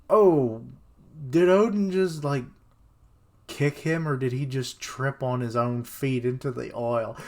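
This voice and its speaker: A man's voice: mid-range voice, lively intonation, unhurried. A young man on a live stream reacting casually to a comic chapter, reading dialogue aloud and swearing now and then.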